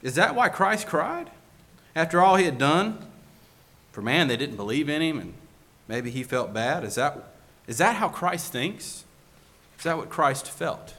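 A man's voice: fairly high pitch, big pitch swings, a little slow, long pauses, a bit bright. A male preacher giving a sermon, asking the congregation one rhetorical question after another.

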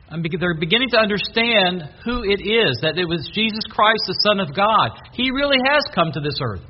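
Earnest male preacher, slightly high voice. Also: slightly rough. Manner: earnest, reads scripture aloud with emphasis. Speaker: pastor. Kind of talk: sermon. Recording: dull lo-fi recording, faint hiss.

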